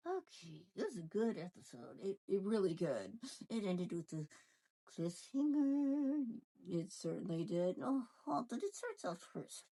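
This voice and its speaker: A woman's voice: medium pitch, sing-song, a little slow, warm tone, low-quality recording. A woman ventriloquist chatting casually in a gossipy back-and-forth banter, recapping a reality show.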